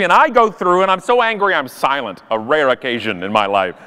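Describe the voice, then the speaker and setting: A man giving a comedic storytelling talk on a live event stage, animated and self-mocking with punchy timing. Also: high-pitched, brisk, few pauses, smooth, in a large hall. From Canada. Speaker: conference speaker.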